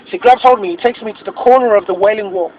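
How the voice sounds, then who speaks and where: A man telling an animated story from the passenger side of a car, acting out quotes and restarting his sentences as he goes. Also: sits high, rapid-fire. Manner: excitable, acts out quotes, many restarts. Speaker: interviewee. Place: inside a moving car. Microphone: phone. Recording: muffled phone recording with road noise.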